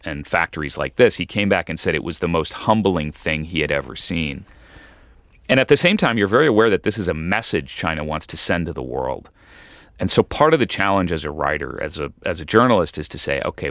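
Brief: very low-voiced male journalist, measured explainer, dry studio sound. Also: a bit bright, no echo. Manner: measured, explanatory, with occasional restarts. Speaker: journalist, interview guest. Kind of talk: radio interview.

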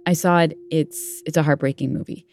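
A woman's voice: deep voice, fairly even intonation, a little fast, vocal fry, a little mellow, a little hiss or hum. A woman co-hosting a talk podcast, thinking aloud in a casual, chatty way. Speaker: podcast co-host. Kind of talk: conversational radio chat.

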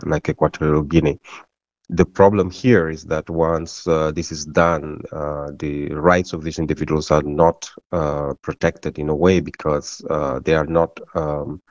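A man's voice: very deep voice, darkish tone, dry recording. A man giving a remote interview as a legal advocate, speaking hesitantly with many ums and uhs, over a dull lo-fi line.

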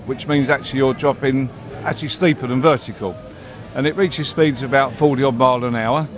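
An older man, a theme park owner, being interviewed outdoors in a genial, rambling way. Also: mid-range voice. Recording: outdoor recording with loud music.

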